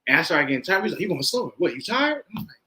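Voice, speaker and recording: A man in casual chat who tells stories in an animated way, acting out quotes and laughing often. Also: a little high, very fast, background noise. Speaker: co-host.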